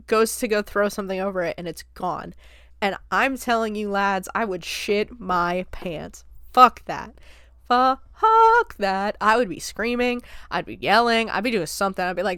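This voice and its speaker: A woman hosting a podcast, retelling a film's plot in an animated, casual way, slipping into quick character voices and swearing freely. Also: mid-range voice, no room sound, clean studio sound. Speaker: podcast host. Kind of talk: casual film recap.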